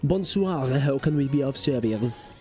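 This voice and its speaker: A man voicing a female game-center clerk with an exaggerated, deliberately bad French accent. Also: high-pitched, animated, dark tone, soft background music, pitched above the performer's own voice. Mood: polite.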